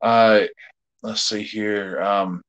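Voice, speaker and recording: A man's voice: deep voice, a little slow, lo-fi sound. A middle-aged man, chatting casually with viewers as co-host of a live jewelry sale, rambling and easygoing with many fillers.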